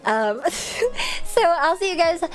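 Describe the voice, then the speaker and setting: A woman streamer chatting casually and rambling at the end of a gaming stream, sleepy and a little hoarse. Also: very high voice, very animated, slow pace. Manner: chatty, rambling, self-deprecating. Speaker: video game streamer. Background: faint background music.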